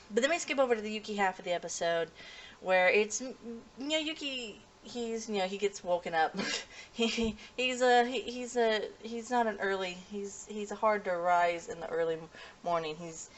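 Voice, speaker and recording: A woman's voice: medium pitch, lively intonation, moderate pace. A woman reviewing an anime episode in a casual, rambling way, with lots of fillers, self-corrections and frequent chuckles.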